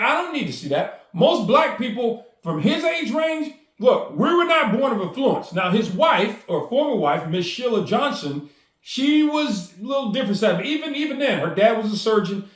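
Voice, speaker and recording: A man's voice: extremely high pitch, echoey room. A man telling a personal story with enthusiasm, acting out the dialogue as he goes. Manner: enthusiastic, acts out quoted dialogue. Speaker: storyteller and speaker.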